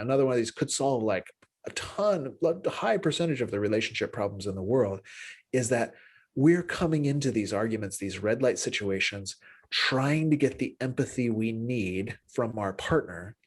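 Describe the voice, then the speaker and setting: Animated man teaching an empathy class. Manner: animated, acts out little dialogues with pitch jumps; loose, restarting delivery with tags like "right?". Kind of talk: spoken class lecture.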